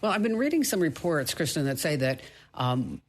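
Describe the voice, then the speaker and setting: A woman's voice: low-pitched, moderate pace, husky. Chatty woman podcast host. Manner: chatty, storytelling, animated asides. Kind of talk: casual podcast interview.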